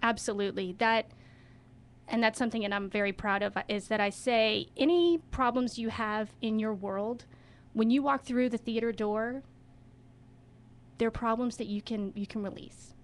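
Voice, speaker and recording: A woman's voice: fairly high pitch, moderate pace. A woman who directs children's theater, talking as a guest in a radio studio interview with enthusiasm and expression.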